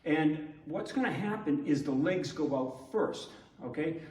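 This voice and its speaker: A man explains martial arts technique in a measured, instructive way, often pausing to check in. His voice sits a little high and comes across far from the microphone, in a roomy, echoing training hall. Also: lively intonation, a little mellow. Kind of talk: demonstration teaching.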